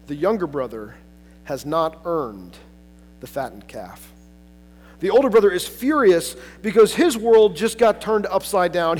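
Male pastor, high voice, casual chatty sermon delivery with lots of fillers, long hall reverb. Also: a little mellow. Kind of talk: conversational sermon.

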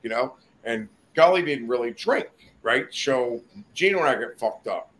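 A man's voice: medium pitch, expressive, moderate pace, a bit bright. An older man, a podcast guest in a studio, telling rambling, profane stories in a casual chat. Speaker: guest storyteller.

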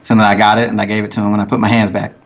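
A man in casual chat, telling stories at an unhurried pace and swearing now and then. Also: on the low side, flat delivery. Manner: unhurried storyteller, profane.

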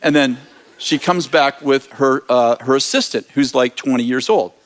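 A man telling a lively story in a sermon, laughing as he talks. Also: mid-range voice, moderate pace.

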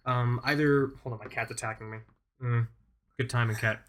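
A man's voice: mid-range voice, fairly even intonation, normal speed. A man in his thirties co-hosting a casual podcast, rambling enthusiastically with lots of fillers. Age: 30s. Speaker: podcast co-host.

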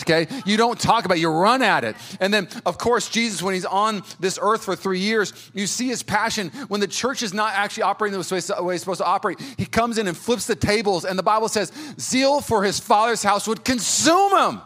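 Energetic casual male pastor. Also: high-pitched. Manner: energetic, casual, many restarts and stammers. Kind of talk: sermon.

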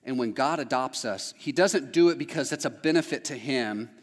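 A man's voice: medium pitch, moderate pace. Conversational male pastor in a reverberant hall. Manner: conversational, addresses the audience directly. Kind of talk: sermon.

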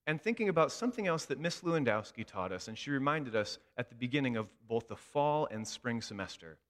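Expressive preaching man in reverberant hall. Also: mid-range voice, brisk. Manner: storytelling, emphatic and expressive. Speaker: pastor. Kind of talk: sermon.

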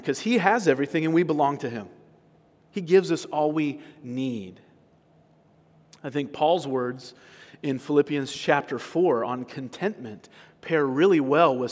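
A man preaching a sermon as pastor, talking conversationally with rhetorical questions and quick restarts. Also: fairly high pitch. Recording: sermon recorded in a large reverberant hall.

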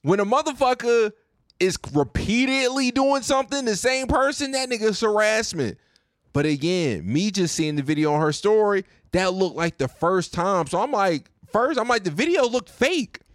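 A man's voice: sits high, lively intonation, normal speed, dry recording, clean studio sound. A young man hosting his own podcast, ranting casually and profanely, often repeating himself. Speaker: podcast host. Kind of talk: casual rant.

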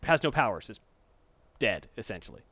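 Animated man retelling a comic. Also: fairly low pitch, brisk, no room sound, lo-fi sound. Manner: recaps a comic with animated, mocking put-on voices. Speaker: comic book podcast co-host. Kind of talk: casual chat.

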